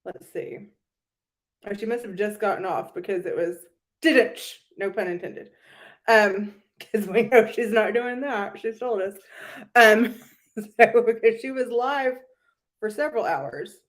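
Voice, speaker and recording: A woman's voice: mid-range voice, a little slow, pauses often. A young woman hosting a casual commentary chat, gossipy and sarcastic, often breaking into giggles. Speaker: channel host.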